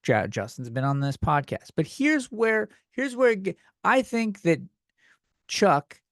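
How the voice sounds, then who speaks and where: A man with a slightly high voice vents on his comedy podcast. He swears often and sounds exasperated, with a pitch that swings widely. The sound is close and dry, with no room echo. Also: very animated, measured pace, a bit bright. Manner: profane, exasperated ranting. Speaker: podcast host.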